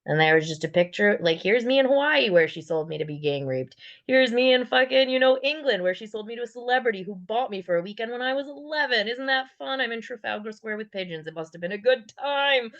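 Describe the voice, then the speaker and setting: A woman's voice: fairly high pitch, lively intonation, fast, few pauses, a bit bright, dull audio. A woman giving a candid personal testimony in a raw, blunt and profane way, with bitter sarcasm. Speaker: guest sharing her survivor story.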